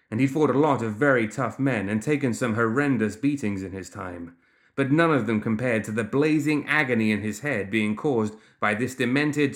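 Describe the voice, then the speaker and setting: An audiobook narrator reading a story with expressive delivery. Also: medium pitch. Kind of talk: scripted narration.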